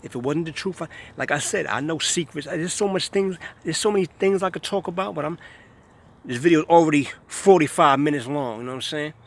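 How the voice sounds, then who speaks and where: A man's voice: a little high, fairly quick. A man, delivering a scornful, repetitive monologue to camera. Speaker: vlogger.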